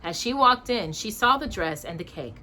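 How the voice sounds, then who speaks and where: A woman reading a storybook aloud to her child in an expressive way, pausing to ask her questions. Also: medium pitch, background noise.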